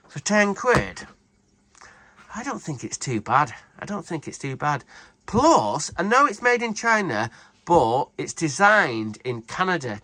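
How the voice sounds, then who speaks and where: A man's voice: mid-range voice, sharp tone. A British man hosting a casual tool review vlog, chatty and rambling, swearing freely. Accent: British English. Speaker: tool reviewer, channel host.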